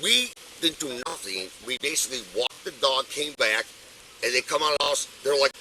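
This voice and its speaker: A man's voice: mid-range voice, expressive, normal speed, a crowd in the background, rough recording. An older man arguing insistently with police outdoors, caught on a body camera. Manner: agitated, insistent, swearing. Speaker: detained resident. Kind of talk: heated argument with police. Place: outdoors on a street.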